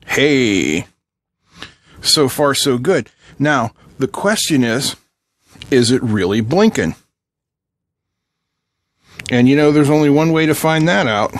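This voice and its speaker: A man's voice: mid-range voice, lively intonation, slow, long pauses, no echo, studio quality. Chatty man joking at his workbench. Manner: joking, chatty, talks to viewers while working. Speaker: electronics channel host. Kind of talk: casual workbench tutorial. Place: home electronics workbench.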